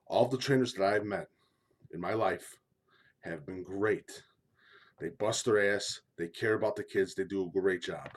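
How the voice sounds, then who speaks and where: A man's voice: sits low, animated, a little slow, pauses often, breathy edge. Blunt man pleading with football coaches. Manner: blunt, pleading, repetitive, swears casually. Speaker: former high school football line coach. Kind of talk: casual opinion monologue.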